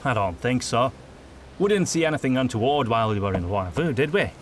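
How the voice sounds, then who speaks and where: A man's voice: medium pitch, expressive, quick pace, slight background noise, close to an everyday voice. A man voicing a polite, earnest young male initiate who talks in a reassuring way.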